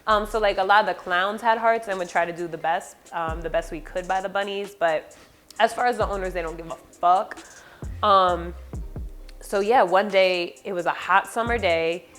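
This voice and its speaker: A woman, a former party clown telling stories in a casual vlog, profane and animated, with sound-effect fillers. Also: mid-range voice, normal speed, soft background music.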